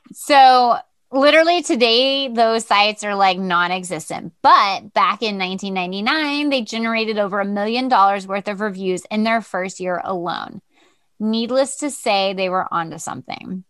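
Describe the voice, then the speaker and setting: A woman's voice: medium pitch, moderate pace, fairly bright tone, smooth, no echo. A woman co-hosting a podcast in casual chat, giggly and chatty with frequent laughter. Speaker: podcast co-host.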